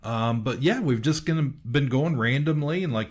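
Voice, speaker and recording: A man's voice: medium pitch, moderate pace. A man co-hosting a podcast, telling a long, rambling story in casual chat, full of fillers and restarts. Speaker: podcast co-host.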